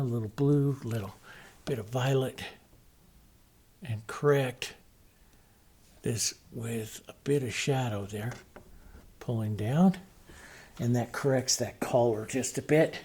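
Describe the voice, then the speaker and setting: A middle-aged painting instructor gives a relaxed, step-by-step demonstration, chatting easily and thinking aloud with plenty of fillers as he works. His voice is mid-range and slightly mellow, with a breathy edge.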